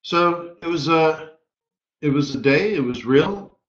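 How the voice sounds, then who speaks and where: A man hosting a live trading webinar, telling stories in an energetic, emphatic way with punchy repeated phrases. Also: a little high, slow. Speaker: forex market strategist hosting a live webinar. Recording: roomy, slightly dull webinar audio.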